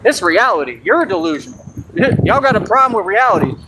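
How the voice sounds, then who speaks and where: Confrontational male streamer with a high voice, phone-recorded on a noisy street. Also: big pitch swings, brisk. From Texas. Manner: brash, confrontational and boastful. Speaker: livestreamer. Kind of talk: livestream rant. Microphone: phone livestream.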